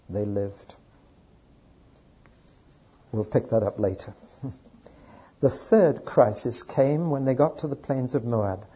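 A man teaching through a Bible book to an audience, telling the story earnestly and dropping into quiet asides. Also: mid-range voice, slightly rough, muffled recording.

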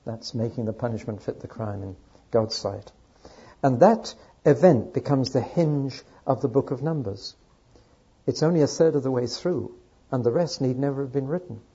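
Man, Bible teacher, husky voice, mellow dark tone, dull lo-fi recording, earnest storytelling lecture. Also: mid-range voice. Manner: earnest storytelling lecture, dropping to quiet asides. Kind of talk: teaching a Bible overview to an audience.

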